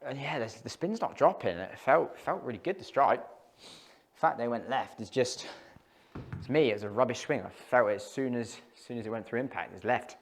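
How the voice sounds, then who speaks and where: A man's voice: medium pitch, animated, fairly quick. Chatty man testing golf drivers. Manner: chatty, thinking aloud between shots. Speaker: golf club tester. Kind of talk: casual hitting commentary. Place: indoor golf studio.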